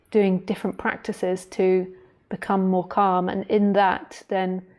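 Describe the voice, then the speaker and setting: A woman spiritual teacher answering viewer questions on a livestream, talking in a gentle, meandering, relaxed way. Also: mid-range voice.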